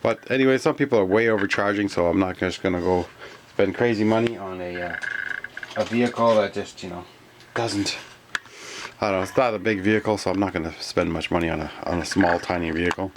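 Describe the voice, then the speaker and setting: A man from Canada chatting casually in a toy collector vlog, rambling and grumbling, sometimes whispering names in a drawn-out way. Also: deep voice, background noise. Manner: rambling and complaining, with stretched-out whispered echoes of names. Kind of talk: casual toy review chat.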